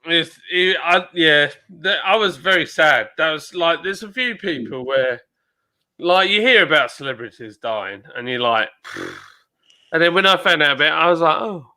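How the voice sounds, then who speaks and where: A man's voice: fairly high pitch, expressive, moderate pace, sharp tone. A man hosting a casual, jokey chat full of banter. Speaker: host.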